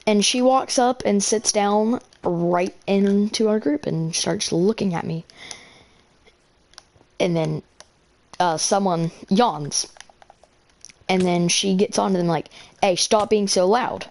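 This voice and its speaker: A woman's voice: medium pitch, slow pace, gravelly, long pauses, darkish tone. A teenage girl casually telling a long school story while playing a game, rambling with lots of fillers and restarts. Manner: rambling, filler-heavy, self-correcting.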